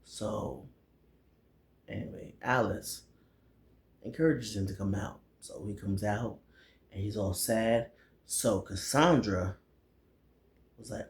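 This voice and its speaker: Male reviewer, casual and slangy, unhurried, full of fillers, recorded in an echoey room. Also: lowish voice. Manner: slangy, rambling, lots of fillers and acted quotes. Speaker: movie reviewer. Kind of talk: casual movie recap.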